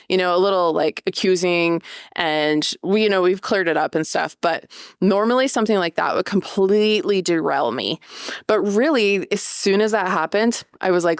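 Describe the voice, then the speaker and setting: Chatty woman with a gravelly edge. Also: lowish voice, moderate pace, no echo, studio quality. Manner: chatty, rambling storyteller with many fillers. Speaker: podcast host. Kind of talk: casual personal monologue.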